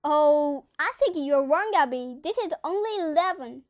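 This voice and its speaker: Young woman playing a gentle, placid elderly aunt. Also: high-pitched, expressive, moderate pace, dry recording. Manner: soothing, gentle, says dear often. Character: sweet, calm elderly aunt, gently matter-of-fact. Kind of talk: amateur stage acting.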